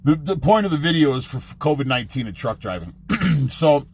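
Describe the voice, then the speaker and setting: A man's voice: a little high, very animated, moderate pace, slight background noise. A middle-aged man, a truck driver, rambling casually and profanely in his own vlog, jumping from topic to topic.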